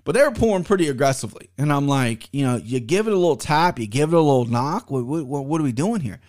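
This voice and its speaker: Profane, animated man telling a story. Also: mid-range voice, quick pace. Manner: profane, animated storytelling with sudden loud outbursts. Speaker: podcast host. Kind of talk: casual storytelling chat.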